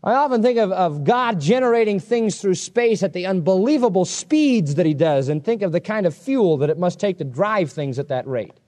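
A man's voice: sits high, moderate pace, few pauses. A man preaching an expository sermon, emphatic and conversational, telling stories from his own life. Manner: animated, emphatic, conversational storytelling.

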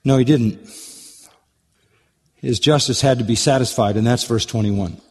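Male preacher, mid-pitched, impassioned and dramatic, recorded with long hall reverb. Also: normal speed, darkish tone, husky. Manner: impassioned, sweeping pitch swings, mock dialogue asides. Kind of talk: sermon.

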